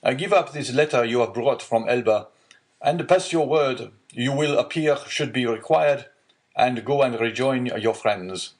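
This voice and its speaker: A man's voice: mid-range voice, unhurried, pitched above the performer's own voice, close to an everyday voice. A man voicing a stern male deputy prosecutor in an audiobook, stiff and formal, giving orders.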